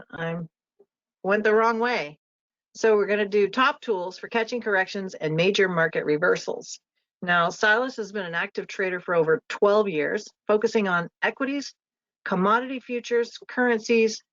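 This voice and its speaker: A woman's voice: lowish voice, a bit bright, no echo. Chatty woman hosting a web call. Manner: chatty, reads introductions with small asides. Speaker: webinar host. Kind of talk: live webinar hosting. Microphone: video call. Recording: muffled lo-fi web call audio.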